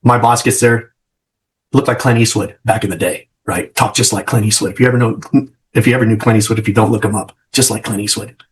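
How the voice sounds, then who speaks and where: A man's voice: fairly low pitch, fairly even intonation, fast, a little hiss or hum. A middle-aged man and trading mentor talking straight to camera in an emphatic vlog, repeating phrases and asking "right?" after his points.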